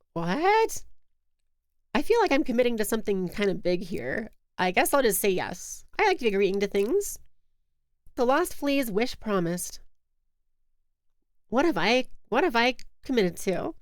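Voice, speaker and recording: A woman's voice: fairly high pitch, lively intonation, unhurried, no room sound. A young woman streaming a game, chatting casually in a giggly, self-mocking way into a close mic. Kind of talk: casual live-stream chat.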